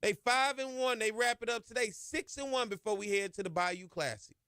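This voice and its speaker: A man's voice: sits high, a little fast, sharp tone, clean tone, no room sound, studio quality. A man hosting a sports podcast, talking emphatically and colloquially with lots of "y'all" and "ain't.". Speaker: podcast host. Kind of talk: impassioned sports podcast monologue.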